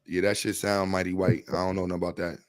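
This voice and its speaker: A man's voice: low voice, little pitch movement, fast, no echo. A man hosting a casual livestream chat, talking bluntly and rambling with jokes. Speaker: host.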